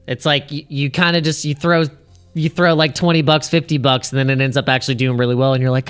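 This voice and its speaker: A man's voice: mid-range voice, steady tone, quick pace, a bit bright, smooth, soft background music. A man hosting a casual crypto livestream, rambling, restarting his sentences and laughing at his own jokes.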